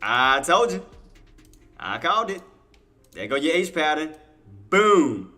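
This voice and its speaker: On his live day-trading stream, a man gives market commentary to his chat in a fairly high, bright, forceful voice that is very animated yet a little slow. He speaks emphatically and repeats himself, sometimes growing tearful and heartfelt as he thanks his viewers.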